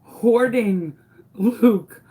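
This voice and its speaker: A woman's voice: a little high, very slow. A young adult woman hosting a crafting video, telling a dramatic story while she works and acting out the people in it. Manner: dramatic, animated retelling with acted quotes. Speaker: crafting channel host.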